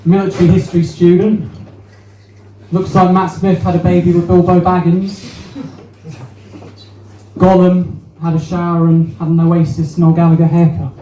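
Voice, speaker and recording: A young man works a small crowd in a brash, sweary stand-up set, his voice pitched high. He sounds a little distant from the mic, in a roomy space with faint background noise. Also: little pitch movement, moderate pace, long pauses, dark tone. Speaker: stand-up comedian. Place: small venue with a live audience.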